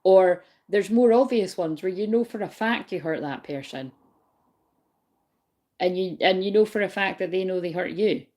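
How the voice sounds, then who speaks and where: Giving viewers an easygoing, meandering spiritual reading, a woman speaks at normal speed in a medium-pitched, darkish voice. She swears freely, laughs frequently while talking, and keeps asking if they understand her.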